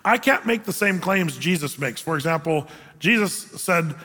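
A man's voice: on the high side, animated, normal speed, sharp tone. A man preaching a sermon from a church stage, talking in a conversational, joking way and asking rhetorical questions. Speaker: pastor. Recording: long reverb of a church hall.

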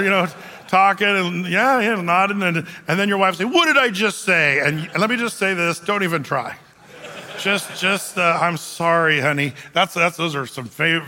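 Man preaching, high voice, bright tone, chatty storytelling, fillers and restarts, long hall reverb. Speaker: pastor. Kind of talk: sermon.

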